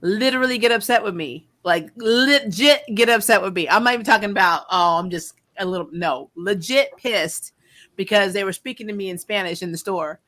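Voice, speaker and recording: A woman hosting a casual chat, telling animated stories and acting out what other people said. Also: medium pitch, a little fast. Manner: animated storytelling, frequent laughter, acted-out quotes. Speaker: show host.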